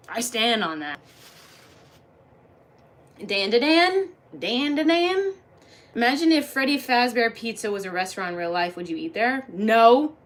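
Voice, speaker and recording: A woman's voice: fairly high pitch, fairly bright tone. A woman livestreamer reading and answering chat in a jokey, crude, casual way. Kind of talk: casual live-stream chat.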